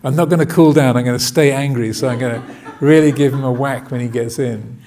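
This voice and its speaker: A man's voice: mid-range voice, fairly even intonation, fairly quick, a little mellow, lightly acted. A man voicing an angry wife with a put-on Scottish accent, waiting to whack her husband. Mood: fuming. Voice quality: mock-Scottish, playful.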